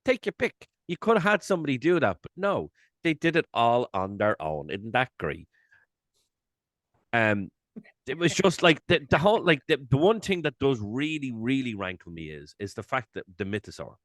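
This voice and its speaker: A man co-hosting a casual podcast chat, animated, swearing and acting out his own reactions. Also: mid-range voice, normal speed, no room sound, studio quality. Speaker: podcast co-host.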